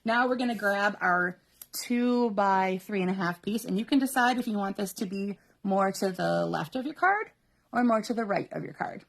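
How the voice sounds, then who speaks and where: At her craft table, a papercraft host runs a live card-making demonstration, chatting viewers through every step and laughing a lot. Her middle-pitched voice carries a gravelly, slightly husky edge, with lively intonation and a moderate pace.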